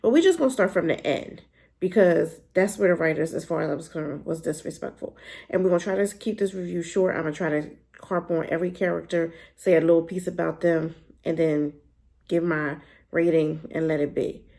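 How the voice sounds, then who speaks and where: Female reviewer, lowish gravelly voice, casual and emphatic delivery. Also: fairly quick. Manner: animated, emphatic, colloquial with pitch jumps when worked up. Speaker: drama reviewer.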